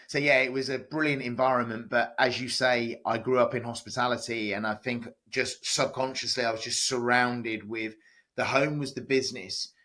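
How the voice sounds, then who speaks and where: A man's voice: medium pitch, bright, forceful tone. A man, a chef, chatting as a guest on a podcast, telling stories with many fillers and restarts. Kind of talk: casual podcast interview.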